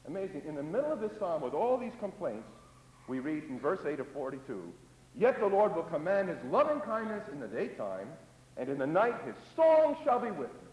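A man preaching a sermon in a high, lively voice that rises to loud emphasis and drops to hushed asides. He acts out the voices of doubters and psalm prayers. The sound carries the long echo of a large hall.

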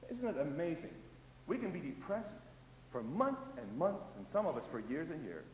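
Delivering a sermon at a moderate pace, this man has a high and lively voice that climbs to loud emphasis and falls to quiet asides. He dramatizes both the doubters' voices and psalm prayers. The recording carries the lingering echo of a large hall.

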